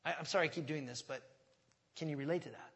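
Middle-aged guy preaching a sermon, fairly high voice, gets really emphatic. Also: fast talker, fairly bright tone. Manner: impassioned, rising to emphatic outbursts. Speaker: pastor.

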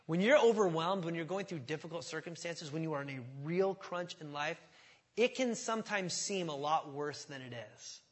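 A man's voice: a little high, lively intonation, moderate pace. A middle-aged man preaching a sermon as pastor, impassioned and often rising to emphatic outbursts.

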